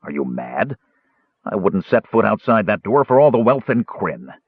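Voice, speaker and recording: A man giving voice to a big, tired warrior, low and gravelly-rough, grumbling and stern. The husky voice comes through a dry, phone-like recording. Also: big pitch swings, moderate pace, no room sound, exaggerated voice. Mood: gruff.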